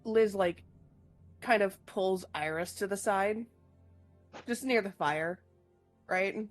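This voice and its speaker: A woman's voice: mid-range voice, slow, faint music behind. A woman playing a tabletop role-playing game, describing her character in a chatty, laughing way. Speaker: player.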